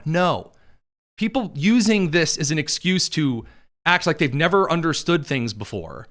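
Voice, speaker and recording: A man's voice: fairly high pitch, a little slow. A man hosting a political commentary show, mocking and sarcastic as he reacts to clips. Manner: sarcastic and mocking, lively delivery.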